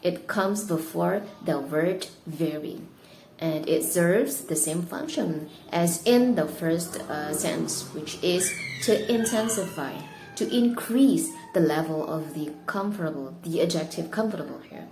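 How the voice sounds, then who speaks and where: A woman's voice: on the low side, unhurried, darkish tone. A woman with an Indonesian accent teaching an English lesson, speaking carefully and stressing key words. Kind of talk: explanatory lesson. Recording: echoey room with faint noise.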